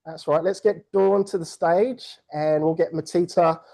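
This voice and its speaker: A person hosting a virtual book launch over a video call, energetic and playful, joking with the audience. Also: medium pitch, measured pace, creaky, low-quality recording. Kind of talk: upbeat event hosting.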